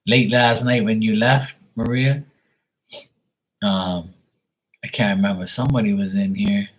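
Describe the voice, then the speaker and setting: A man's voice: lowish voice, steady tone, a little slow, husky, low-quality recording. A man hosting a live stream, telling loose, profane stories in casual chat and laughing at his own jokes.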